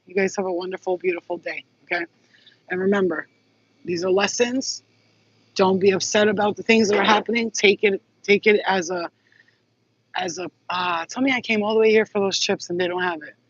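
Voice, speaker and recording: A woman talking casually to her viewers as a spiritual healer vlogger, chatty and swearing freely, with warm sign-offs. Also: mid-range voice, fairly even intonation, a little fast, husky, no room sound. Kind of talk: casual live vlog chat. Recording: muffled dry sound.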